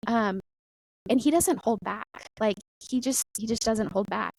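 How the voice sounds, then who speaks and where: A middle-aged woman talking casually about faith as a podcast guest, animated and full of "like" and "right?". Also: a little high, unhurried, vocal fry, slight background noise, low-quality recording.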